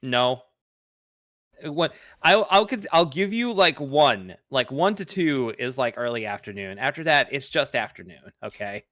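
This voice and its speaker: A woman's voice: a bass voice, expressive, a bit bright, no room sound, studio quality. A woman chatting on a live stream, arguing playfully with her friend. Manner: playfully argumentative, drawn-out delivery. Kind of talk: casual chat on a live stream.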